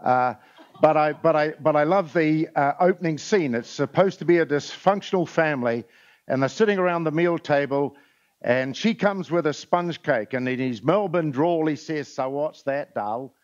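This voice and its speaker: A man's voice: on the high side, moderate pace. Man telling jokes from a conference stage. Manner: storytelling, with frequent "uh" fillers. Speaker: conference speaker. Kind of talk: motivational talk with jokes. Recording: lo-fi recording.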